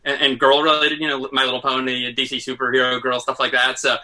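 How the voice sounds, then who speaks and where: A man with a very bright, sharp voice joins a casual podcast chat over a remote mic. He is chatty and self-deprecating, a comic artist who laughs easily. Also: medium pitch, monotone, quick pace.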